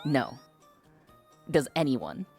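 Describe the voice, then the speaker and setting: A woman's voice: very deep voice, big pitch swings, extremely slow, vocal fry, darkish tone, faint music behind. A woman streamer chatting casually with her viewers, hesitant and self-conscious, with many fillers. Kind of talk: casual live-stream chat.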